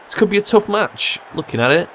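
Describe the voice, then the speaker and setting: A young man commentating his own football management game, swearing and yelling at his players when they mess up. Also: high-pitched, lively intonation, brisk, a little hiss or hum. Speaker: gaming commentator. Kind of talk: let's play commentary.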